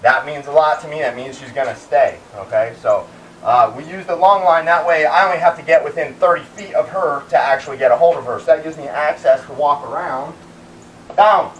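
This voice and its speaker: A man training a dog outdoors in the shade, explaining calmly between sharp sit and heel commands, recorded by a camera at a distance. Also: fairly high pitch, brisk, slight background noise. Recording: roomy, distant outdoor sound, faint ambience.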